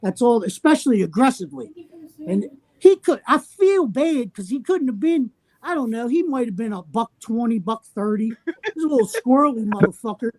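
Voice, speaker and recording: A man on a podcast telling a story in a casual way. He swears constantly and sounds brash and animated. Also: very high voice, moderate pace, dry recording. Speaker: podcast regular.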